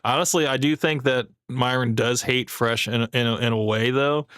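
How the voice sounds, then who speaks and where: A man's voice: mid-range voice, steady tone, normal speed, a bit bright, clear, resonant tone, no echo, studio quality. A young man casually commenting on a clip he is watching, rambling and laughing often. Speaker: streamer reacting to clips.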